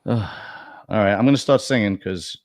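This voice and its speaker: A middle-aged man hosting a casual chat, animated and quick to swear and laugh. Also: lowish voice, no room sound, clean studio sound. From Italian heritage. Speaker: bodybuilding show host.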